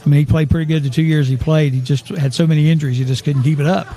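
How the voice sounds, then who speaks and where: A man hosts a relaxed local sports talk show. His voice sits a little high for a man, and he rambles and chuckles through stories about former players. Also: very fast. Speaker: host.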